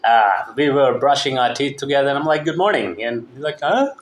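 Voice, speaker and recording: In a roomy-sounding recording, a man with a mid-range voice talks briskly. He's a non-native English speaker whose mixed accent leans partly American Southern, and he's going off on a rambling, opinionated, profanity-laced monologue.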